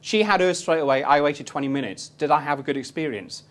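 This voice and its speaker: A man's voice: a little high, quick pace, fairly bright tone, slight background noise. A man in his thirties giving a live property investment seminar, telling stories cheekily and quizzing his audience.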